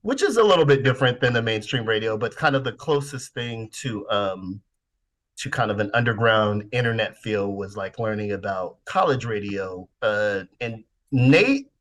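A man in his forties from the Bay Area, reminiscing in casual podcast chat, relaxed and swearing now and then. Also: fairly low pitch, normal speed. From San Francisco Bay Area. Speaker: podcast host.

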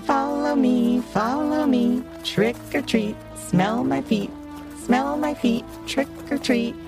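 A woman's voice: mid-range voice, big pitch swings, unhurried, gravelly. A woman voicing a jolly, persuasive male pumpkin trickster who coaxes and sings in a storybook tale. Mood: sing-song. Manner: coaxing, sing-song. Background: music.

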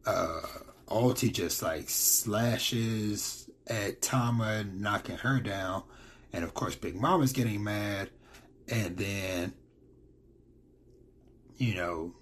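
A man's voice: fairly low pitch, a bit bright, slightly rough. A man giving a casual, rambling recap of manga chapters, full of fillers and quoted lines.

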